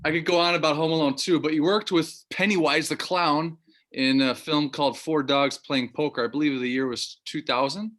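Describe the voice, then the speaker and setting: A man's voice: fairly high pitch, steady tone, normal speed, fairly bright tone. A man hosting a podcast interview in a casual way, with an eager, joking fan's manner. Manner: eager, jokey fan. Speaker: podcast host.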